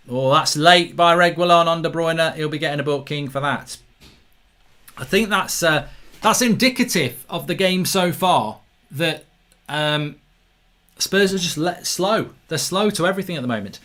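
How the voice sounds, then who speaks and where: A man hosting a live football watchalong, reacting excitably to the play and reading out viewer comments. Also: on the high side, normal speed. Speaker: host.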